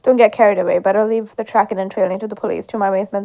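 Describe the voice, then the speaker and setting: A woman's voice: medium pitch, fairly even intonation, rapid-fire, mellow, slight background noise. A woman playing an interactive story game and reading its dialogue aloud, giving every character her own voice. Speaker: gameplay streamer. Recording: slightly dull lo-fi sound.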